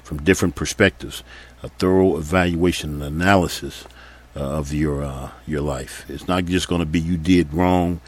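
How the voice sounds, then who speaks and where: A man's voice: extremely low pitch, steady tone, moderate pace. A man giving sermon-style Bible teaching, reading scripture aloud and earnestly repeating his points for emphasis. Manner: reads scripture aloud between comments.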